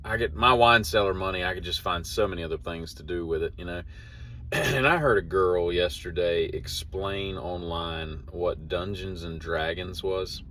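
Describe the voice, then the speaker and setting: Rambling low-voiced man. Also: normal speed, pushed and bright, slight background noise. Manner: meandering, self-correcting, wry storyteller. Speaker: host of a daily show. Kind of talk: casual rambling monologue.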